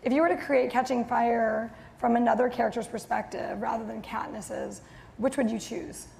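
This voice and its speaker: A woman's voice: fairly high pitch, fairly even intonation, moderate pace, gravelly, a little mellow. A woman moderating a live audience Q&A, reading out questions with giggles and hesitant fillers. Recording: long reverb of a hall, faint noise.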